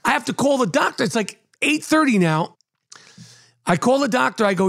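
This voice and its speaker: A man tells a comic story on his podcast, swearing freely. His voice sits high and swings widely as he acts out the people in it. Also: lively intonation, fairly quick, creaky. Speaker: podcast host.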